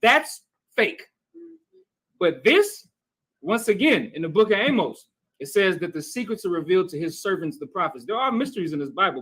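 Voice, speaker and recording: A man's voice: sits high, big pitch swings, fairly quick, fairly bright tone, husky, low-quality recording. A man teaching a bible class, talking conversationally and often checking in with his listeners. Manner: conversational, keeps checking with "right?" and calling on readers. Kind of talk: scripture teaching.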